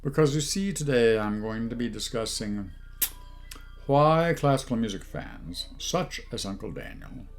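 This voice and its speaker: A man's voice: medium pitch, animated, measured pace. Snooty guy doing a fake posh voice, swoops up and down a lot, faint guitar music behind. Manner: haughty, condescending put-on posh voice. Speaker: comedy channel host. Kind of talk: mock-pompous comedic monologue.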